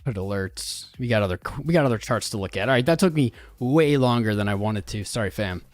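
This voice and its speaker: A man's voice: lowish voice, expressive, a little fast, soft background music. A male livestream host in casual chat, bantering and greeting viewers one by one by name. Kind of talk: casual live-stream chat.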